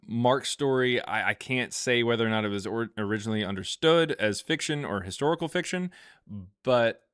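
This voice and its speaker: A man hosting a live stream, reading viewer questions aloud and answering in a halting, think-aloud way with many fillers and restarts. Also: lowish voice, fairly bright tone, smooth, no room sound, studio quality.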